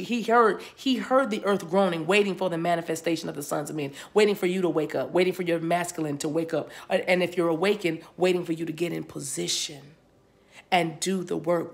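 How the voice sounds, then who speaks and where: Gravelly-voiced woman giving a spiritual reading. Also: lowish voice, steady tone, fairly quick. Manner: rambling, repeats words as she receives them. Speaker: spiritual reader. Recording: spiritual reading recorded for a video.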